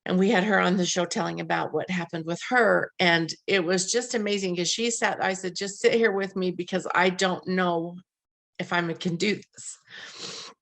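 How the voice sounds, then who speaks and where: A middle-aged woman from the western United States hosts a webinar, telling a personal story in an earnest, heartfelt way, often restarting her sentences and quoting dialogue. Her voice is lowish, gravelly and a bit bright, with a steady tone at a normal speed.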